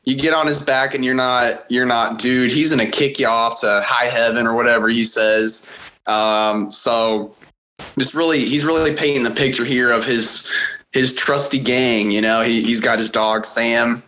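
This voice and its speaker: Male podcast co-host with a bright, sharp tone and middle pitch, easygoing and rambling. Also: normal speed. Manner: relaxed, rambling, many fillers like "you know". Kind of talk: casual music podcast chat.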